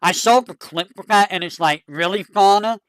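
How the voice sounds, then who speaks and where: A streamer chatting casually to a live audience, rambling and excitable with a fond tone. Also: mid-range voice, moderate pace, no echo.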